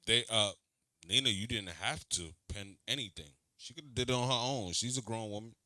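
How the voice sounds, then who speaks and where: A man hosting a reaction video, talking back to an interview clip in a slangy, animated way and repeating himself. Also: fairly low pitch, fairly quick, dry recording, clean studio sound. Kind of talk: reaction commentary.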